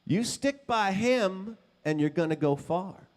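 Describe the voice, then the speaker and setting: A man's voice: high voice, animated, slow pace, voice pushed up. A man imitating his blunt, emphatic older father giving advice.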